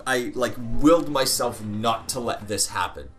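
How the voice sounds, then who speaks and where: A man's voice: medium pitch, unhurried, soft background music. A man hosting a gaming video, telling a long casual story in a rambling, profane way while playing. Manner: rambling, profane, often laughing. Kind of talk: casual storytelling over gameplay.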